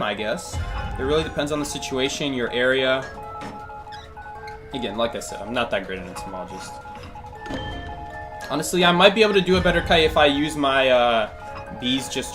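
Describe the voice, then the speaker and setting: A man thinking aloud through a live gameplay stream, answering chat questions with plenty of fillers and restarts. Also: medium pitch. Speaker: game streamer.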